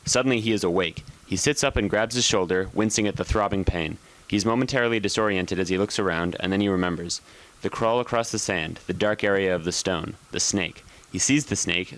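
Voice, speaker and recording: A man with a low voice reads a story aloud on a morning show. He keeps a relaxed, easygoing pace and now and then stumbles and corrects himself. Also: rough recording. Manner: relaxed, with occasional slips and self-corrections.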